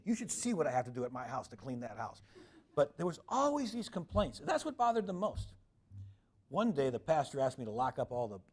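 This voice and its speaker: A middle-aged man giving a public lecture, telling lively anecdotes and acting out the people he quotes. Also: on the low side, slightly rough.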